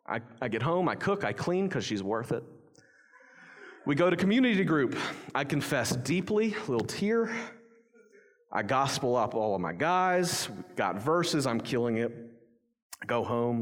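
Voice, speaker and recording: A young man preaching a sermon as pastor, telling a story in quick run-on clauses, then turning quiet and earnest to lead communion. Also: medium pitch. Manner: quiet, earnest near-whisper leading communion. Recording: long hall reverb.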